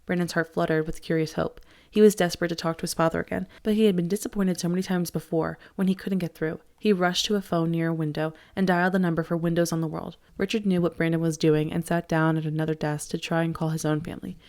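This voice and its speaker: A woman teacher reading a novel aloud with steady expression. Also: on the low side, fast, few pauses. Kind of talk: audiobook read-aloud.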